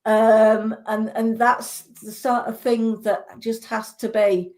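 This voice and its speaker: Earnest clairvoyant woman with a higher voice. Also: flat delivery, slow, darkish tone. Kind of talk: giving psychic readings on radio.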